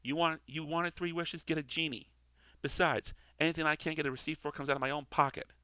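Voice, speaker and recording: A man reading a comic part, voicing a brash, sarcastic male guardian angel who breaks into high screams. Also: steady tone, brisk, bright, forceful tone, clean tone, dry recording.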